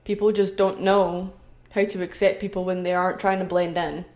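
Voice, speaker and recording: A woman's voice: on the low side, little pitch movement, moderate pace, darkish tone. A woman in her twenties from Scotland with a Scottish accent, talking alone on her podcast at home in an earnest, motivational way. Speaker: podcast host. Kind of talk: solo podcast monologue.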